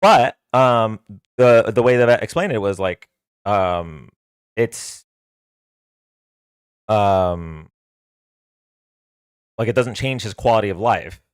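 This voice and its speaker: A man's voice: lowish voice, expressive, slow pace, pauses often, smooth, no room sound, studio quality. A man hosting a livestream, telling a long casual story in a rambling way with many fillers and restarts. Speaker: livestream host.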